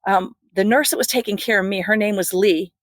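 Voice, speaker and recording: A woman's voice: medium pitch, fairly quick, no room sound. Woman telling her story. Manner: earnest, animated storytelling with laughs. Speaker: podcast guest, critical care nurse. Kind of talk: personal storytelling interview.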